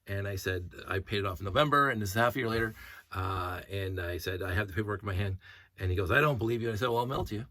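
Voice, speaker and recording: Male vlogger: husky and forceful, dry close sound, telling a story in an indignant, rambling way. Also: fairly low pitch, very fast, no room sound. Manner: animated and indignant, rambling retelling. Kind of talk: casual storytelling rant.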